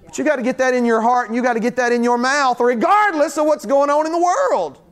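A man with a high, light voice preaches to his congregation in a church. He talks like he's chatting with them and acts out everyday scenes, then builds into fervent, repeated calls. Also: fast talker. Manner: conversational preaching with acted-out scenes, rising to fervent repetition. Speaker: pastor. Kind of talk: sermon.

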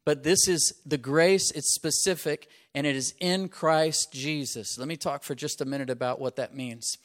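A male pastor preaching a sermon, asking the congregation to repeat phrases and punching his key lines. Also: mid-range voice. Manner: call-and-response asides, punches key phrases.

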